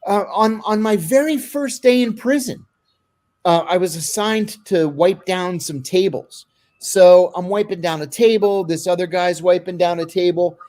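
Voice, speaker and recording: A man's voice: sits high, a little slow, darkish tone. A man being interviewed, telling blunt, vivid stories and acting out what people said. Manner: blunt, vivid storyteller who acts out quotes. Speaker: interview guest. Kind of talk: anecdotal storytelling in an interview.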